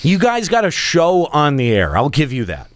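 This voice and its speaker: A man's voice: on the high side, wildly swooping pitch, moderate pace, no echo. A man hosting a casual gaming podcast, ranting in a brash, profane, mock-outraged way. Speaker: podcast host.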